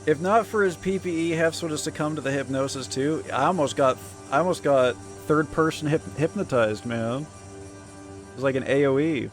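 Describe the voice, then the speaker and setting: A young man streaming a horror game, reacting in jokey, sarcastic, animated chat. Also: on the high side, moderate pace, faint music behind. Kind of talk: casual gaming livestream commentary.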